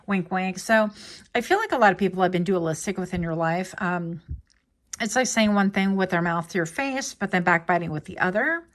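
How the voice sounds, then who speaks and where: A woman's voice: fairly low pitch, brisk. A woman giving a casual pick-a-card tarot reading, chatty and digressive with playful asides. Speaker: tarot reader.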